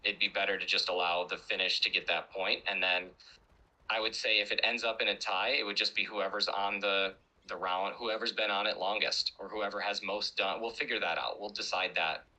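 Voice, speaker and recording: A man with a low but sharp, bright voice chats on a call with a fellow streamer. He talks through his ideas aloud and tells a story at an easy pace. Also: steady tone, brisk, poor audio. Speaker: guest streamer. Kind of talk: casual chat over voice call.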